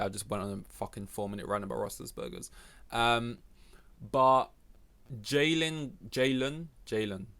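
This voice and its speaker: A man's voice: medium pitch, a bit bright. Young English male podcast host, rambling and profane, talks in loose self-mocking asides. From England. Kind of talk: casual solo podcast rant.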